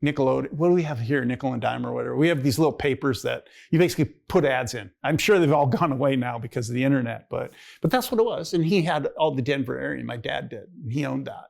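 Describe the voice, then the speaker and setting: Gravelly-voiced older male pastor telling stories. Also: mid-range voice, fast talker, hardly any pauses, darkish tone. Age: 60s. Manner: rambling, conversational, acts out quoted dialogue in a raised voice. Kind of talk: personal testimony storytelling. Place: church.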